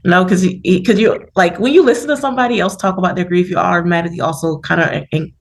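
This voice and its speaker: A woman co-hosting a podcast, reacting quickly and chattily in casual conversation. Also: on the low side.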